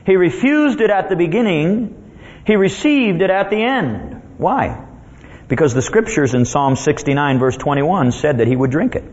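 A man's voice: mid-range voice, a little mellow. A man preaching a sermon who emphatically repeats himself and reads Bible verses aloud. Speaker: pastor. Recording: dull lo-fi recording.

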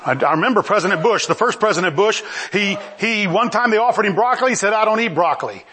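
A middle-aged man preaching a sermon in a lively, conversational way, often asking the congregation questions. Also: sits high, fast talker, a little hiss or hum.

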